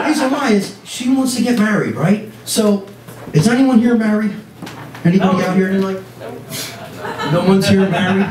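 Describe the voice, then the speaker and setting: A man doing a stand-up comedy set in a small club, ranting in an animated, exasperated way to the audience. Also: sits high, background noise. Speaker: stand-up comic. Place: small club or bar, indoors. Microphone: stage microphone. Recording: roomy bar sound, mic at a distance, crowd laughter.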